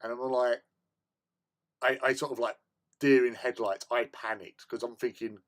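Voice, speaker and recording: A man's voice: mid-range voice, normal speed, long pauses. A man, hosting a casual hobby stream, tells a story with lots of laughter and stammered repeats. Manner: animated, laughs often, stammers and repeats words. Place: home hobby room.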